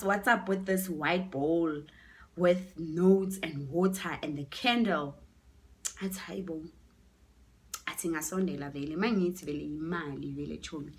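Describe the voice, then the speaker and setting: A woman with a South African accent tells a story in a casual vlog, chatty and animated, mixing languages and dropping into whispered asides. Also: low voice. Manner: chatty, switching between English and Zulu, animated with whispered asides. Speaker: YouTuber telling a story.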